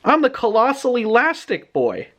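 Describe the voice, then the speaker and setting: A man voicing a boastful twelve-year-old boy who pretends to be a superhero, with a cocky, excitable manner. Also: very high-pitched, normal speed, voice pushed up, exaggerated voice.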